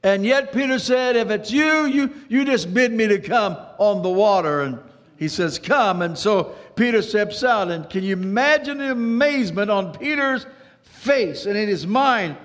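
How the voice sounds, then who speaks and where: A man delivers a sermon in a high, fervent voice, repeating himself and rushing then slowing. A long reverb trails every phrase in the hall. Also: lively intonation, a bit bright. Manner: dramatic preaching with repetitions and sudden pace changes. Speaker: pastor.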